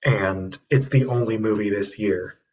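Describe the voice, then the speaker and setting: A fairly low-voiced man chatting on a podcast, rambling through his thoughts with plenty of ums, eager and enthusiastic. He sounds set back from the microphone. The recording is dull and lo-fi, with a faint hiss behind him. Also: fairly even intonation, measured pace, darkish tone. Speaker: podcast co-host reviewing films. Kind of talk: casual chat. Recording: distant, dull lo-fi mic with faint noise.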